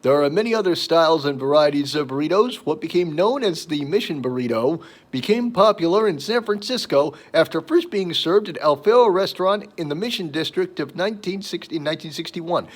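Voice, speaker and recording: A man's voice: a little high, lively intonation, fairly quick, hardly any pauses. A man hosting a podcast about daily observances, reading facts aloud and slipping into playful asides. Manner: reads aloud, then wanders into playful asides. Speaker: podcast host. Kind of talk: reading and riffing on daily holidays.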